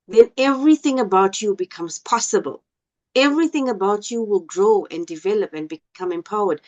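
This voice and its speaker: A woman teacher speaks to her class over a video call at a measured, deliberate pace and keeps asking the students whether they follow. Her voice sits in an ordinary middle register for a woman. The call audio is dull and lo-fi. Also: mid-range voice. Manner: slow, deliberate, asks the class questions. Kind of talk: online class lesson.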